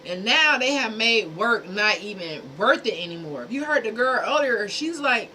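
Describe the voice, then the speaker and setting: Woman streamer, blunt and exasperated, casual talk to chat, mid pitch, noisy background. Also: animated, moderate pace, few pauses, pushed and bright. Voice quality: speaking from a dentist's perspective. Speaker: livestream host.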